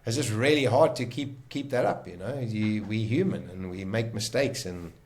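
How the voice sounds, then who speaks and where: Man, middle-aged, somewhat low voice, animated emotional storytelling, guest on a podcast. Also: normal speed. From South Africa. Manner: animated, emotional, many restarts. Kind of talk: personal storytelling in a podcast interview.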